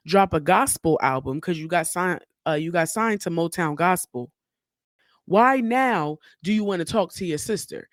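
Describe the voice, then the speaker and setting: A woman's voice: lowish voice, dry recording. Blunt, heated woman podcaster, dry sound. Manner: blunt, heated and profane, with frequent asides. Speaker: podcast host. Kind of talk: solo opinion commentary.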